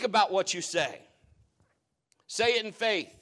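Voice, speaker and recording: A middle-aged man preaching a sermon as pastor, emphatic, swinging from loud declarations to hushed asides. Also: fairly high pitch, big pitch swings, normal speed.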